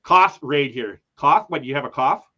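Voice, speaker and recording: A man's voice: mid-range voice, animated, moderate pace, sharp tone. Chatty male stream host, lo-fi sound. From Canada. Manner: chatty, reads viewer comments aloud, laughs often. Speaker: travel channel host. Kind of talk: casual livestream chat.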